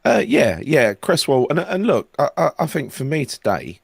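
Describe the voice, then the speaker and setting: A man's voice: on the high side, wildly swooping pitch, moderate pace, gravelly, husky, dry recording. A man co-hosting a casual football chat, laid-back and ending his points with "right?". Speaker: podcast co-host.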